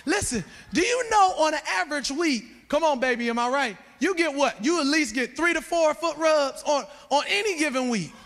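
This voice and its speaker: A man preaching a sermon in a church, emphatic and often shouting, with joking asides. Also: extremely high pitch, lively intonation, normal speed, few pauses. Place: church sanctuary. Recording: long church reverb with faint music.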